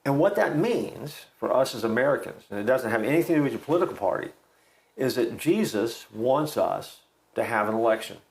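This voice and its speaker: A man co-hosting a faith talk show, speaking reflectively and haltingly, often restarting. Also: mid-range voice, animated, creaky, low-quality recording. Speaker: co-host. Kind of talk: casual chat.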